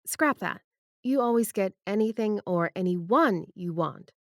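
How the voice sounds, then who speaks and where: A feisty young woman with a lifted, bright voice, put on by a woman reading an audiobook. Quick and teasing, she sits well above the narrator's own range. The recording is close and dry. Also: medium pitch, lively intonation, dry recording, pitched above the performer's own voice. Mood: aggrieved.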